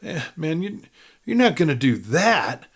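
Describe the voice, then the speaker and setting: A man's voice: on the high side, big pitch swings, a little slow, breathy edge, pitched above the performer's own voice, heavily acted. A man voicing a terrified male mine manager who stammers and pleads in a shaky voice. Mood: frightened.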